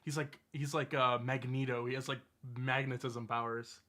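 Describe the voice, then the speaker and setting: A man's voice: medium pitch, little pitch movement, normal speed, pushed and bright. A man co-hosting a casual live stream chat, laid-back and amused, with hesitant fillers. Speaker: co-host.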